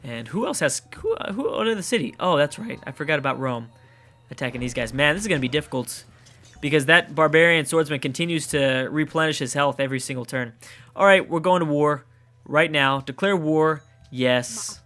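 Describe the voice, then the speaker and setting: A man's voice: on the high side, brisk, fairly bright tone. A Canadian man with a Canadian accent, casually commenting on his own strategy game play, thinking aloud and swearing at setbacks. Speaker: let's play gamer.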